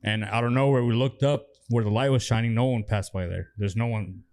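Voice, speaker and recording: A man's voice: medium pitch, steady tone, fairly quick, darkish tone. A man on a podcast, telling a story in a laid-back, plain way. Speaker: podcast co-host. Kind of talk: casual storytelling chat.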